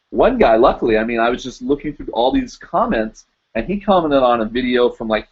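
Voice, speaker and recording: A man's voice: mid-range voice, breathy edge, muffled recording. A man hosting a live stream, casually chatting and reading out viewer comments in a rambling, self-deprecating way.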